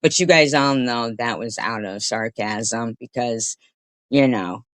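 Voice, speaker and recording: Brief: woman streamer, slow-talking and indignant, swears freely, dry close sound. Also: rumbling low, dry recording. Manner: indignant, profane, rambling. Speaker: livestreamer. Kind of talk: commentary livestream.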